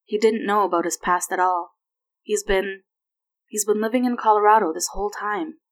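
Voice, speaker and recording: A woman voicing a tired, tender adult mother who speaks softly and gently. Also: mid-range voice, moderate pace, natural voice. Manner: soft and gentle.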